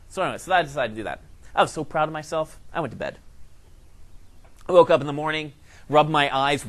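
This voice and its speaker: A man teaching a science lesson, telling a comic story in an animated way with acted-out quotes. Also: fairly high pitch.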